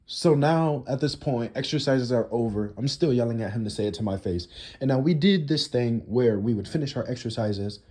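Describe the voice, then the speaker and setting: A man's voice: mid-range voice, normal speed, a little mellow, slightly rough. A teenage boy telling a casual storytime monologue, rambling with lots of "you know" and "like" fillers. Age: teens.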